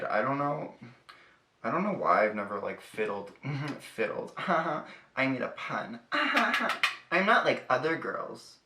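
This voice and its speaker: A young man talks through his makeup routine with a sassy, profane, chatty edge. His voice is bright and forceful, and the room around him sounds echoey. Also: fairly low pitch. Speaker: beauty vlogger. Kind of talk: casual makeup tutorial chat.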